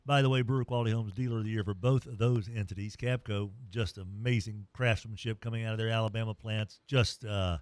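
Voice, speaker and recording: A middle-aged man hosting a sports radio show, energetic and jokey as he rattles off sponsor plugs. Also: lowish voice, a little fast, few pauses, dry recording. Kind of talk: sports talk radio and ad reads.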